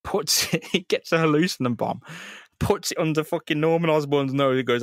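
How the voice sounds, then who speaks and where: A man's voice: fairly high pitch, fairly quick, no room sound, clean studio sound. A man co-hosting a casual comic-book podcast, recapping scenes animatedly, swearing freely and acting out the characters' lines. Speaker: podcast co-host.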